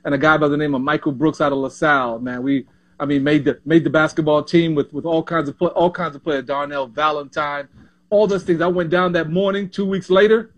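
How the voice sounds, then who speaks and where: A man in his sixties tells his stories in a fairly high voice. He is animated and quick to repeat and restart his words as the memories spill out. He speaks as a guest in a relaxed interview. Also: muffled recording. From Panama. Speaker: former pro basketball player, guest. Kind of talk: casual interview storytelling.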